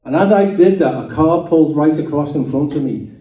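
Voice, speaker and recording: A man's voice: a little high, fairly quick. A middle-aged man giving a chatty personal testimony to an audience in a meeting hall, often checking in with "okay?" and "right?". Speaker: guest speaker giving a testimony. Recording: roomy hall, distant mic, dull sound.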